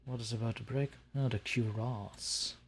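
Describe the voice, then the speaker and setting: A man's voice: mid-range voice, steady tone, normal speed, creaky, breathy edge. A man hosting a let's play, joking and sarcastic as he talks to the creatures in the game. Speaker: gaming channel host.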